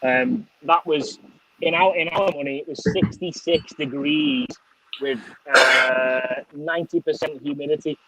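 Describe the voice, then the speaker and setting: Middle-aged Liverpool man, lightly Scottish-flavoured, chummy sweary stream host, higher voice. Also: animated, unhurried, creaky, a loud crowd, rough recording. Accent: Liverpool, softened by Scottish. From England, Liverpool. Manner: sweary, chummy, calls everyone mate. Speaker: motorcycle vlogger hosting a live stream. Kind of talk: casual live-stream chat.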